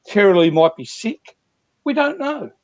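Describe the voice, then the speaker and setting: A man's voice: high-pitched, big pitch swings, measured pace, no room sound. A man working as a sales coach, earnestly explaining techniques through repeated examples on a video call.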